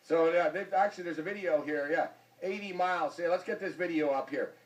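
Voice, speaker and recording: A man's voice: on the high side, a little fast, distant mic, poor audio. A man hosting a sports talk show, joking and teasing his guest, often repeating himself. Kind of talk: casual sports chat.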